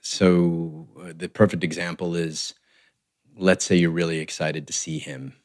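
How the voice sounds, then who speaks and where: Man, very low voice, relationship coach, measured explanations, podcast interview. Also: little pitch movement, a little mellow. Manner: measured, explanatory, often tags "right?".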